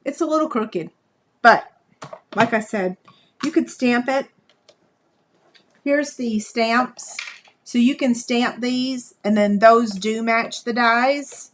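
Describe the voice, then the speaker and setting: A woman's voice: on the high side, slow pace, long pauses, slight background noise. A woman, hosting a live craft demonstration, chatting folksily with viewers as she works. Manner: chatty, folksy, talks to viewers while working. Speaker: crafting livestream host.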